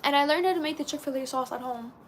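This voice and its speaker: A high-pitched woman chatters her way through a casual live stream. She is bubbly and friendly, and her words tumble out fast as she answers viewer comments. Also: slight background noise. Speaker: livestream host.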